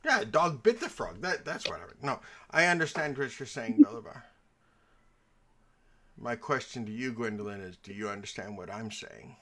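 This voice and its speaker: A man's voice: big pitch swings, normal speed, a bit bright. Man, game master, theatrical storyteller, mid-range voice. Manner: theatrical, storytelling with shifting pitch. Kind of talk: narrating and voicing characters in a tabletop game.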